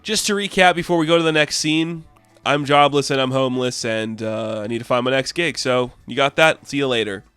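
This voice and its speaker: A man's voice: mid-range voice, fairly quick, a bit bright, clean tone, no echo, faint music behind, natural voice. Man doing a wry woman horror hostess, flirty, dry wisecracks, dry studio sound.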